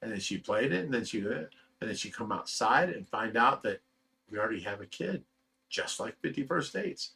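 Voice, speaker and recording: Rambling man with a bright voice. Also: fairly low pitch, animated, normal speed, vocal fry, slightly rough. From Ohio. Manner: emotional, rambling storytelling with fillers and laughs. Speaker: fish rescue channel host reading live chat. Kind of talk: casual livestream chat.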